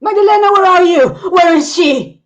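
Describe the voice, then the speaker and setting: A woman voicing a desperate, grieving woman professor who shouts in fury and fear, on dull lo-fi audio. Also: very high voice, slow pace, pitched above the performer's own voice. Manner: shouting and pleading.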